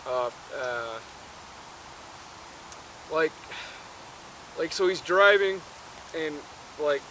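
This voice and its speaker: A man's voice: a little high, lively intonation, extremely slow, bright, forceful tone, slight background noise, low-quality recording. A man casually retelling a movie, rambling with many fillers and self-corrections.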